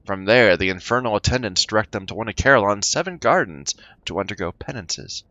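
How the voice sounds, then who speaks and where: Let's-play gamer, man, lowish voice, reads game text and stumbles over odd words. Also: bright, forceful tone, no echo, highs cut off. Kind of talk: reading game text aloud with commentary.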